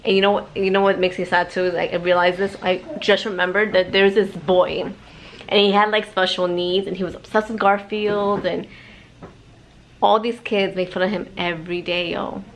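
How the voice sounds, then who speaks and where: A woman's voice: lowish voice, level tone, moderate pace, a little hiss or hum. A young adult woman vlogging at home, talking casually and reflectively, rambling with many "like"s. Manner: rambling, heavy use of "like". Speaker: vlogger and mother.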